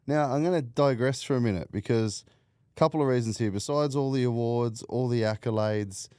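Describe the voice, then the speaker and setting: A man's voice: medium pitch, brisk, mellow, smooth, no echo, studio quality. A man hosting a casual podcast interview, blunt, swearing freely and laughing a lot. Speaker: podcast host.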